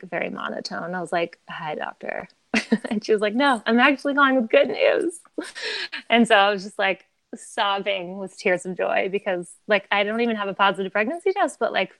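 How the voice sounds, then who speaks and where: A woman's voice: mid-range voice, a little fast, creaky, fairly bright tone, no room sound. A woman in her thirties, a podcast guest telling her story in a candid, chatty way, filling her talk with "like" and laughing often.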